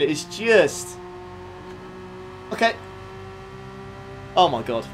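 A young man streaming a racing game, reacting excitably with frequent laughs and quick apologies while talking to his chat. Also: sits high, slight background noise. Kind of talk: live racing game commentary. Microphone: desktop USB condenser mic.

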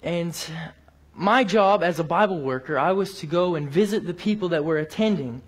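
Man, sermon, personal story, emphatic rises then hushed drops, fairly high voice. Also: normal speed. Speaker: preacher.

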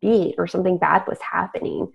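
Speaking fairly quickly in a low, gravelly, slightly rough voice with fairly even intonation, a young adult woman from Texas tells a spooky story on her podcast. The chat is casual, she tells it as a story and trails off, and the lo-fi recording sounds dull.

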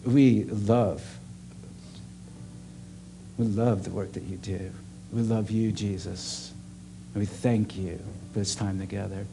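A man's voice: on the low side, steady tone, slow, creaky, long pauses, noisy background. Earnest male pastor preaching. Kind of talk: sermon. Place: church service.

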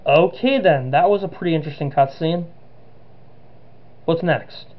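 Excitable man narrating his gameplay. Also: a little high, moderate pace, lo-fi sound. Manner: excitable, narrating each move. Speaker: gaming channel host. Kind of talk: let's-play commentary.

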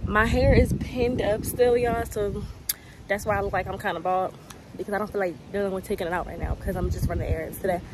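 Young adult woman, casual daily vlogger, chatty and relaxed, close to the mic. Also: mid-range voice, a little fast, noisy background. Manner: chatty, loose, lots of "um" and "y'all". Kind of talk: casual vlog chat. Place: at home, then out running errands. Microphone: phone or camera held close.

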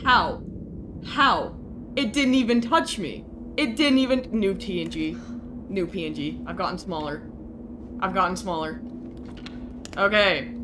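A woman's voice: on the low side, moderate pace, long pauses, noisy background. A woman streaming a game, talking to chat and groaning in frustration at the game.

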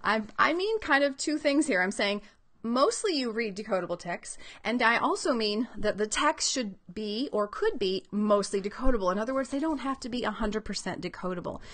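A woman's voice: fairly high pitch, lively intonation, normal speed, fairly bright tone. A woman reading educator giving an upbeat, explanatory teaching talk about children's books, thinking aloud as she goes.

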